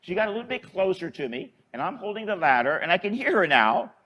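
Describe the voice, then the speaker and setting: High-voiced priest telling a folksy story. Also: male voice, sing-song, fast, bright, forceful tone. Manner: folksy, conversational, chuckles while telling. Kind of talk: storytelling homily.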